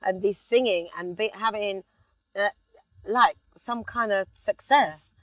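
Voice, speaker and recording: A middle-aged woman with a London accent, chatting as an interview guest inside a car, telling lively stories and breaking into snatches of song. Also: medium pitch, slow pace, no room sound. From England. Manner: animated storyteller, sings snippets. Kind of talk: relaxed casual chat.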